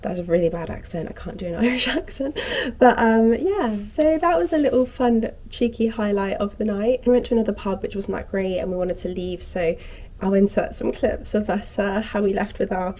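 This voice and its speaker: A woman's voice: mid-range voice, brisk, warm tone. A young woman in her twenties chatting casually to camera as a vlogger, telling a story animatedly and acting out what each person said. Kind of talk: casual chat.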